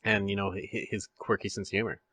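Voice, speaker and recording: A man's voice: lowish voice, little pitch movement, fast, pushed and bright, husky, no room sound. A man hosting a podcast in casual chat, rambling with restarts and laughing often. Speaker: podcast host.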